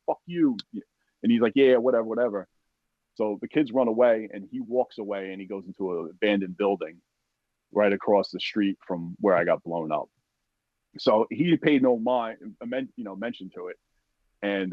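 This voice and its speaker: A man telling a war story in a casual, profane, animated way, acting out the voices of other people as he goes. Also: lowish voice, dry recording, dull audio. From United States. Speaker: podcast guest, army veteran.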